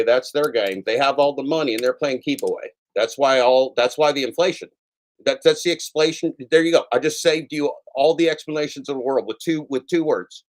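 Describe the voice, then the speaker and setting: In a mid-range voice, a man hosting a daily show goes on a casual rant full of profanity, alternating between shouting and quiet apologies.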